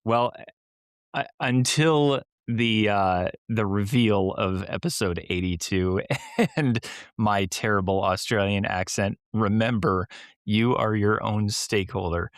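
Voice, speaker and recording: A man's voice: fairly low pitch, takes it slowly, no echo, clean studio sound. A man co-hosting a podcast in casual, easygoing chat. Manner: easygoing, laughs along. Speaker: podcast co-host.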